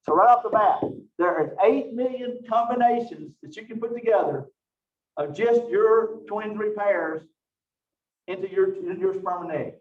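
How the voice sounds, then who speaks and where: A man teaching a biology lecture, lively and joking at his own expense, with frequent rhetorical questions. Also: high voice, moderate pace. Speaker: biology instructor. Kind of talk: recorded online lecture. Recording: roomy, distant, dull lo-fi mic.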